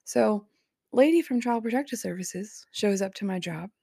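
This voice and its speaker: A woman's voice: mid-range voice, animated, normal speed, vocal fry, warm tone, dry recording, studio quality. A woman hosting a podcast, casually recounting a personal story, chatty and full of "like" with bursts of disbelieving laughter. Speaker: podcast host.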